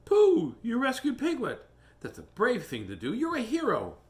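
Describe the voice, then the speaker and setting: A man voicing a cheerful, kind young boy in a storybook reading, sounding bright and encouraging. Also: very high-pitched, huge pitch swings, moderate pace, pitched above the performer's own voice, heavily acted. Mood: praising.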